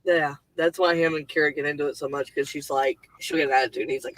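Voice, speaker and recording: A woman's voice: low voice, fairly even intonation, fast talker, no room sound, low-quality recording. A woman hosting a casual livestream from her home computer on a headset, rambling loosely with lots of fillers and the odd swear word. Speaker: livestream host and writer.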